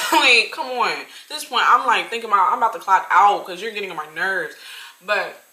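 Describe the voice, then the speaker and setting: Bright, animated young woman storyteller. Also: mid-range voice, a little fast. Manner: animated, talks straight to viewers as y'all. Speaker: vlogger. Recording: roomy echo.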